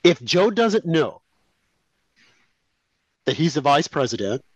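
High-voiced male talk host, emphatic and indignant, dull dry line. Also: sing-song, slow, breathy edge. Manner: emphatic, indignant, mimics others. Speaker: radio talk show co-host. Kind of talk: opinionated talk radio commentary.

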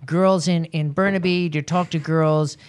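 A man's voice: a little high, steady tone, moderate pace, clear, resonant tone. A man hosting a talk show, brash and teasing, who swears freely while he quizzes his guest. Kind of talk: casual chat. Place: live studio in front of an audience.

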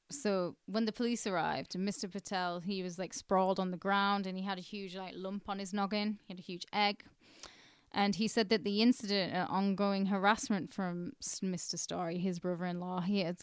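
A woman co-hosts a casual podcast, retelling a story with easy swearing and frequent laughter. Her voice is smooth and clear, recorded close and dry. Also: mid-range voice, fairly even intonation, moderate pace, dry recording. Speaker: podcast co-host. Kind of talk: casual chat.

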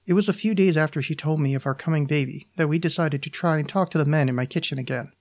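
A podcast host reading his own short story aloud in an even, measured way. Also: on the high side.

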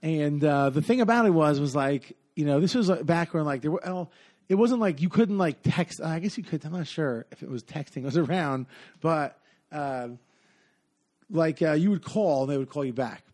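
A man's voice: fairly high pitch, expressive, moderate pace, a little mellow. A man telling a long story in casual podcast chat, rambling with many fillers and acting out what people said.

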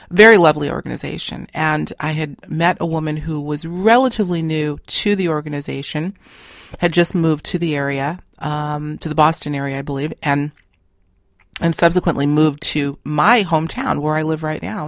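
A woman's voice: deep voice, dry recording, studio quality. A middle-aged woman telling anecdotes in a casual, chatty way, acting out what others said. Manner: chatty, animated storyteller who acts out quoted lines. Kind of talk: casual storytelling talk.

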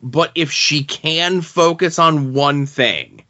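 A man's voice: a little high, slow, pushed and bright. Thoughtful male podcast co-host, muffled audio. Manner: thoughtful, builds points at length. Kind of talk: casual comic book discussion.

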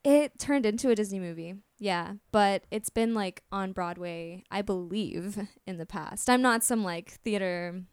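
A woman's voice: medium pitch, unhurried, few pauses, clear, resonant tone. A young woman from Florida, a singer and actress, chatting as an interview guest in a bubbly way, laughing often and saying "like" a lot. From Orlando, Florida, US. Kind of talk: casual interview chat.

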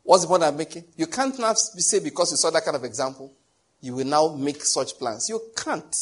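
A man's voice: a little high, moderate pace, breathy edge. A middle-aged Nigerian man preaching a sermon, telling stories and acting out the dialogue. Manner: animated storytelling, acting out dialogue.

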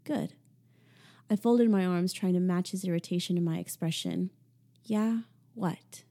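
A young adult woman narrating a first-person audiobook in a hushed, intimate way with sarcastic asides. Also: fairly low pitch, normal speed.

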